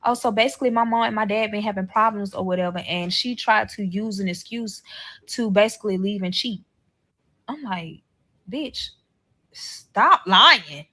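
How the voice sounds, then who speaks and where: A woman's voice: mid-range voice, steady tone, a little fast, low-quality recording. A woman telling a personal story in a casual, profane way, acting out each quoted line with animation.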